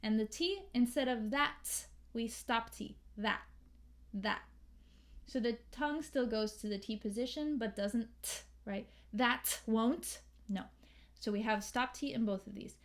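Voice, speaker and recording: An American woman teaching English pronunciation, slowly and carefully modeling sounds and words. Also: on the high side. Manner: slow, careful, models sounds and sings lines. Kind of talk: pronunciation lesson with sung examples.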